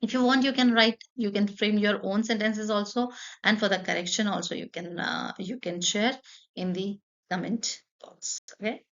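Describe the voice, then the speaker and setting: A woman's voice: mid-range voice, fairly even intonation, moderate pace, highs cut off. Patient woman teaching a French lesson. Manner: patient, explains step by step with repeated examples. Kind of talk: online language lesson.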